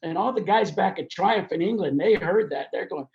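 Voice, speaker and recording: An older man with a rough, gravelly, slightly high voice appears as a podcast guest and tells stories about his work as a race promoter. Speaking at a moderate pace, he animatedly acts out the voices of the people he quotes. The recording sounds dull and lo-fi.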